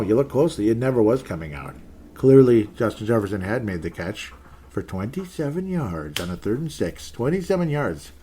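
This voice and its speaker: Exasperated low-voiced male sports ranter. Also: mellow, slight background noise. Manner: exasperated, rambling, sarcastic asides. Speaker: sports podcast host. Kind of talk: ranting solo commentary.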